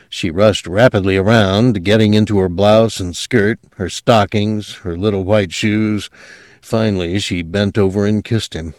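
A man reading a story aloud as narrator, measured and steady, dropping quiet at moments. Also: on the low side, no echo, studio quality. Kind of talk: audiobook narration.

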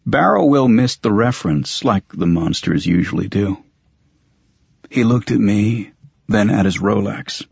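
A man narrating a first-person audiobook in a wry, measured way. The recording sounds dull and dry. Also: fairly low pitch, expressive, gravelly, husky, dry recording.

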